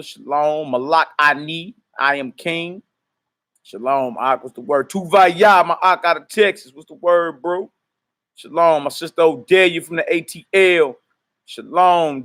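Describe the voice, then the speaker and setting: A man running a ministry livestream, greeting viewers one after another in loose, easygoing street slang. His voice sits fairly high for a man. In the prayer he calls out each line loudly so the room can repeat it. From United States. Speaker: minister leading a live-streamed teaching. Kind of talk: casual shout-outs and call-and-response prayer leading.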